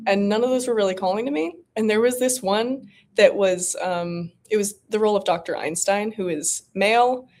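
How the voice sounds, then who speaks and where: A woman's voice: medium pitch, normal speed, few pauses, a little mellow. A woman in her twenties, an actor guest on a podcast, chatting expressively and laughing often. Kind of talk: casual interview chat.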